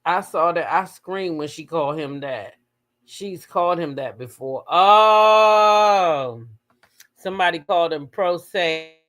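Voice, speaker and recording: A woman hosting a casual gossip livestream, talking with her chat, swearing freely and breaking into high shrieks as she retells her reactions. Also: moderate pace. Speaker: livestream host.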